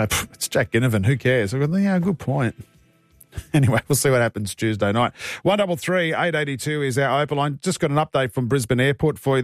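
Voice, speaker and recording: A man's voice: mid-range voice, no echo, clean studio sound. Chatty radio host man. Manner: chatty, opinionated, joking. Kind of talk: talkback radio chat.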